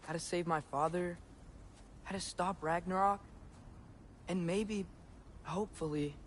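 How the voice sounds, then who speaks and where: A man's voice: high-pitched, fairly even intonation, measured pace, a little hiss or hum. An actor playing an earnest, slightly awkward teenage boy on a quest, in video game dialogue. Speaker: player character. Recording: game audio over music.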